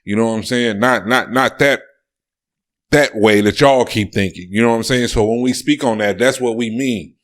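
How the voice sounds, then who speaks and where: A man's voice: mid-range voice, moderate pace, a bit bright. A man co-hosting a casual podcast, talking emphatically, repeating his phrases and swearing freely. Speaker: podcast co-host.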